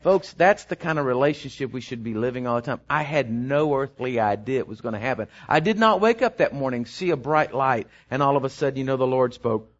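A man's voice: mid-range voice, expressive, a little fast, few pauses. A middle-aged man, a pastor telling a rambling story in his sermon that builds into emphatic preaching. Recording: dull lo-fi sermon recording.

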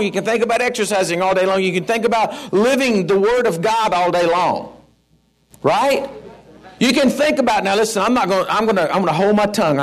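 Preacher guy, pretty high voice, chatty and animated, middle-aged. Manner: folksy, animated, with asides and shouted mock-rants. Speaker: pastor. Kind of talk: sermon.

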